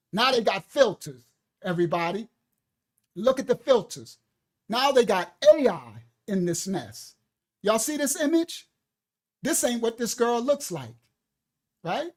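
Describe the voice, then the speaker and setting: Give me a stern man, preaching and scolding in a high voice. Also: darkish tone. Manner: stern and scolding, addresses a commenter directly. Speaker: minister. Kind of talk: livestreamed preaching.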